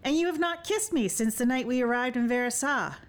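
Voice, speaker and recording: A woman's voice: high-pitched, expressive, a little fast, pitched above the performer's own voice. A woman reading as a fierce, teasing young warrior woman. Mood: determined. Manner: archaic, bold and playful. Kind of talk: audiobook dialogue.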